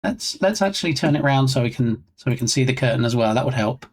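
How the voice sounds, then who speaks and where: A man's voice: mid-range voice, lively intonation, fast. Rambling man chatting on a live stream. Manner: rambling, reads chat aloud, dry self-mocking asides. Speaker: game dev streamer. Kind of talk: casual live-stream chat.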